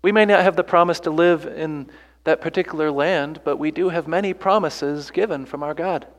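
Man, pastor, sermon, earnest, rhetorical questions, fairly high voice, long reverb. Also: moderate pace. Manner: earnest preaching with rhetorical questions and repeated phrases.

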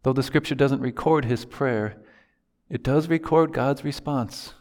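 A man's voice: medium pitch, measured pace, darkish tone. A male pastor preaching a sermon in an earnest manner, quoting prayers from scripture.

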